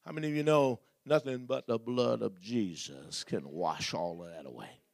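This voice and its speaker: A man's voice: on the low side, normal speed, vocal fry, no room sound. A man preaching a sermon as pastor, building repeated refrains and asking the congregation questions.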